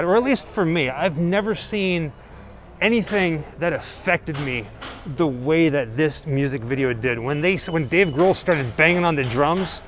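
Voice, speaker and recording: A man hosting a casual vlog, talking in an upbeat, conversational way as he walks onto a studio lot. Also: fairly high pitch. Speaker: host. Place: outdoors on a studio lot, then inside a soundstage.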